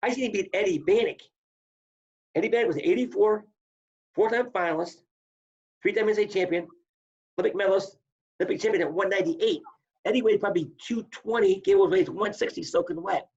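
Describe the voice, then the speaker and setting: Older guy, gravelly voice, spins stories and does everyone's lines, muffled lo-fi audio. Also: high voice, quick pace, pauses often. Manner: animated storyteller, acts out quotes. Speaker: podcast guest, former wrestler. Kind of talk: casual storytelling. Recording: dull lo-fi audio.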